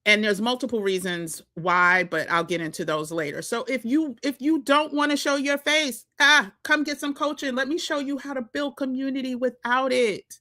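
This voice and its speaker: A woman's voice: sits high, normal speed, few pauses, pushed and bright. A woman with a New York accent, coaching viewers in a chatty vlog, laughing often. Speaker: social media coach. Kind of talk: casual vlog talk to viewers.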